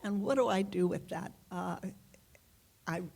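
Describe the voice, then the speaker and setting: A woman being interviewed as a guest author, answering in an unhurried, reflective way with pauses and fillers. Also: mid-range voice, gravelly, a little mellow. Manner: unhurried, reflective, halting with fillers and light laughs.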